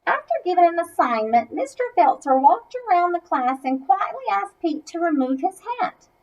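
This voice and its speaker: A woman's voice: very high voice, big pitch swings, moderate pace, rough recording. A woman reading a children's story aloud, breaking off for chatty asides to young listeners. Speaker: masked reader.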